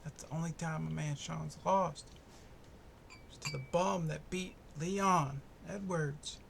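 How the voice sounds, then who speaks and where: Young male podcast host, gravelly and slightly high, loose and profane, cracks jokes as he rambles. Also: fairly even intonation, slow pace, slight background noise. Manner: profane, laid-back, rambling and jokey. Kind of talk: casual solo fight-prediction podcast. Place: home in the US East Coast.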